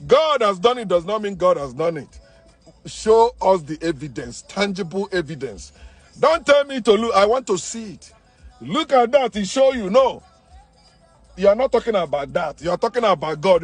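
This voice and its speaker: A man delivering a forceful, preachy monologue, repeating himself and restarting phrases. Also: high-pitched, very animated, a little fast, breathy edge, soft background music. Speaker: online commentator. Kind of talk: impassioned monologue.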